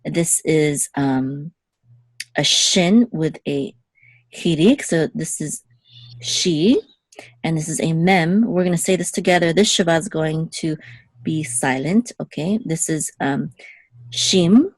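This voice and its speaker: In a one-on-one lesson, a woman with a strikingly low voice patiently walks through Hebrew letters and vowels step by step, often pausing to ask a quick "okay?" The recording is close and dry, with no room sound or echo.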